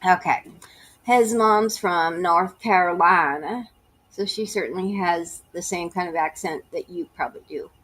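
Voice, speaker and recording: Reading letters aloud for her YouTube audience, this woman pauses to toss in blunt, mocking jabs at what she's reading. She has a slight Southern US accent and a lowish, somewhat slow voice that's a bit bright and slightly rough.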